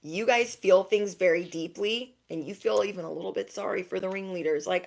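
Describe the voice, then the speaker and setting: A woman's voice: medium pitch, brisk, vocal fry, few pauses. A young woman giving a direct-to-camera spiritual pep talk as an intuitive reader, emphatic and slangy, often checking in with "okay?".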